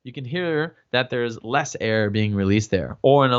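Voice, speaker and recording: A man's voice: medium pitch, moderate pace, hardly any pauses, smooth. A man teaching singing in a casual livestream, explaining with lots of fillers and checking in with "yeah?" and "right?". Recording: dull lo-fi livestream audio.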